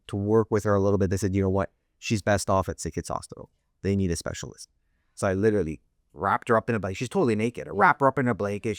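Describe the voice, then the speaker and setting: A man's voice: sits low, no room sound, studio quality. A middle-aged man hosting an interview, telling a family story with many restarts and acted-out voices. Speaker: host.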